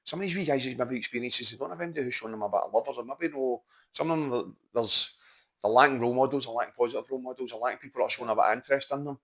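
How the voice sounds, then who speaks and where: A Scottish man talking on a podcast at a fast clip, in a middle-pitched voice. He tells his stories in an animated way and swears freely. It sounds like an easy chat between mates. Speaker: mindset coach. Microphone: podcast microphone.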